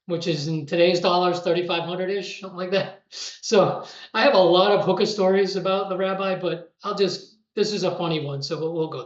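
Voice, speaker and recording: A middle-aged man tells a casual story in a chatty way, laughing to himself and restarting his sentences. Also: sits high. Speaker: storyteller recounting trading days. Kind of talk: casual spoken anecdote. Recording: roomy, muffled recording.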